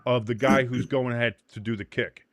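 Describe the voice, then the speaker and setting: A man's voice: mid-range voice, fairly quick, dry recording. A man from the United States hosting a casual watch-along stream, explaining the game and cracking profane jokes. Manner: profane, joking, animated. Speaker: host.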